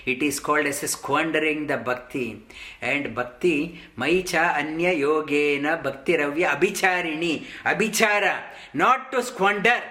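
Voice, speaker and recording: A man giving a slow, halting scripture discourse as a spiritual teacher, full of ums and restarts. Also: a little high, sharp tone. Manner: halting, many ums, slow deliberate explanation.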